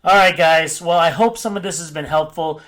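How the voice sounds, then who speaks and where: Guy rambling off the cuff on his channel, kinda high voice, keeps correcting himself. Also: fairly even intonation, normal speed, fairly bright tone. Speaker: crypto mining YouTuber. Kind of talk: casual vlog talk.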